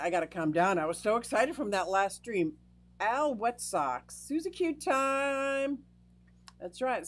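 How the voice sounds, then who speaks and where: A middle-aged woman hosts a casual livestream from a home fish room full of aquarium tanks. She is bubbly and chatty as she greets viewers one by one. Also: mid-range voice. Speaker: livestream host. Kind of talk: casual livestream chat, reading out viewers' names.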